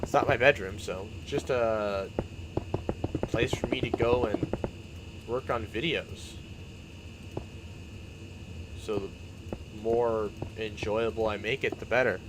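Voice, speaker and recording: A young man chatting casually on his stream, rambling and excitable, often laughing and restarting his sentences. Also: on the low side, slow pace, pauses often, noisy background. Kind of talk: casual chat while building in a game stream.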